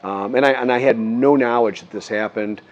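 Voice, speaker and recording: A man's voice: mid-range voice, moderate pace, a little mellow, dull audio. A man vlogging, telling a story in a rambling, earnest way with many restarts. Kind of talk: casual storytelling to camera.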